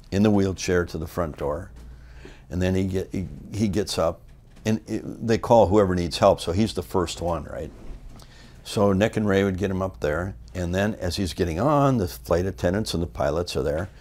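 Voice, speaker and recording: An older American man in a sit-down interview, spinning wrestling road stories. His speaking voice sits fairly low. He acts out the people in his stories with loud, high voices. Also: moderate pace. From United States. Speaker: interview guest, former wrestler. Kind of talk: shoot interview storytelling.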